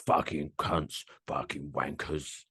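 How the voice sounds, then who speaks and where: A man's voice: a bass voice, level tone, takes it slowly, bright, forceful tone, no room sound, clean studio sound, voice pushed down, heavily acted. A man doing a grumpy, growling footballer. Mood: irritated. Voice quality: gravelly growl. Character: grumpy swearing male footballer, gruff.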